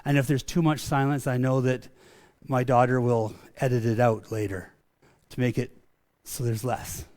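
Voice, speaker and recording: A middle-aged man who speaks as his church's pastor preaches conversationally with a flat delivery, medium pitch, moderate pace, and darkish tone. He often repeats and restarts words, and calls his own preaching a rant.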